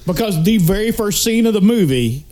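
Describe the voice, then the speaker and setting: A man retelling film scenes in casual chat, halting and restarting often. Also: sits high, animated, a little mellow. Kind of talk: casual movie review chat.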